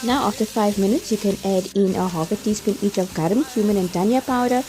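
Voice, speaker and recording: Over background music and a noisy backdrop, a woman with a mid-range voice talks fast through a cooking tutorial voice-over. As a cooking vlogger, she's chatty, giving step-by-step instructions punctuated by light laughs.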